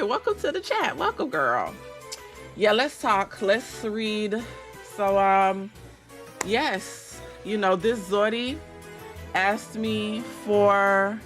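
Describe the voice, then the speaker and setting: A woman chats on a casual livestream, blunt and full of swearing as she talks straight to her viewers. Her voice is mid-pitched and cracks now and then because she has just rolled out of bed. Faint music plays under her. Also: a bit bright. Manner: blunt, profane, chatty with viewers. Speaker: livestream host.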